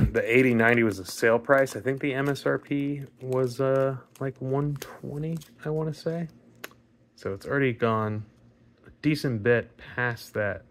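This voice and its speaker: A man with a raspy voice, chatting casually and rambling with fillers and mild swearing while opening trading card packs. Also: medium pitch. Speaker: card pack opening vlogger. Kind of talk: casual pack opening commentary.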